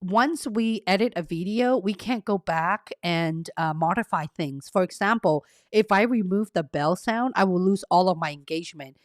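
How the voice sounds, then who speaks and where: A woman's voice: lowish voice, moderate pace, hardly any pauses, no room sound, studio quality. A woman career coach hosting a casual live stream, chatting with viewers, reading their comments aloud and laughing at herself. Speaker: career coach and livestream host. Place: carpeted home room treated to cut echo.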